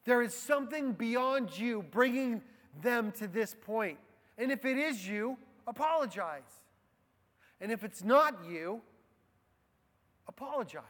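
Pastor, male, high voice, slow deliberate sermon delivery, long hall reverb. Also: animated. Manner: slow and deliberate, dropping soft on key phrases. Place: church.

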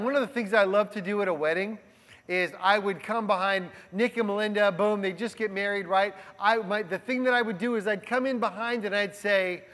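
Guy pastor preaching, kinda high voice, chatty, keeps saying right?, big echoey hall. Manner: conversational, animated, often asks "right?". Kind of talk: sermon. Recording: long hall reverb.

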